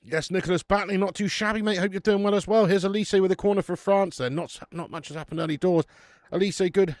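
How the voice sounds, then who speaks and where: A man's voice: high-pitched, fairly even intonation, quick pace, a little mellow, dry recording. A man hosting a casual football watch-along stream, chatting with the live chat and swearing casually.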